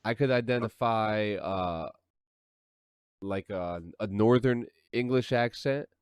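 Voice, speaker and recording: Man co-hosting a casual podcast, chatty and easygoing, lowish voice, dry mic. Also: slow, smooth, dry recording. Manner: laid-back, chatty, many fillers. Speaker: podcast co-host.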